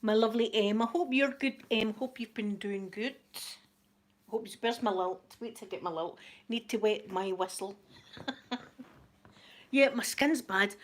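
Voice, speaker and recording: Scottish lady chatting away on her live stream, says hi to everyone, laughs a lot. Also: a little high. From Scotland. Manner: chatty, greets viewers by name, laughs often. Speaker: YouTube channel host. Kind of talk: casual live-stream chat.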